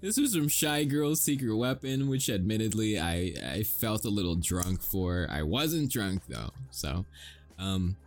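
A man's voice: lowish voice, very animated, a little slow, faint music behind. An American man who makes audio roleplays, chatting casually and rambling to his listeners, swearing and chuckling often.

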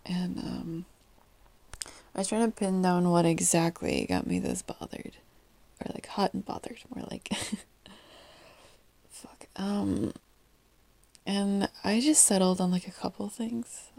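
A young woman with a groggy morning voice, talking in a hushed, halting whisper into a close mic, with many pauses and soft laughs. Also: mid-range voice, lively intonation, creaky. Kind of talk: whispered intimate monologue.

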